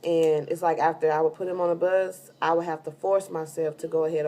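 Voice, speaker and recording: Woman, low-pitched, heavily pregnant and tired, chatty casual vlog storytelling, lots of fillers. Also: level tone, brisk, hardly any pauses, warm tone. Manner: chatty, rambling with many fillers. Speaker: vlogger giving a pregnancy update.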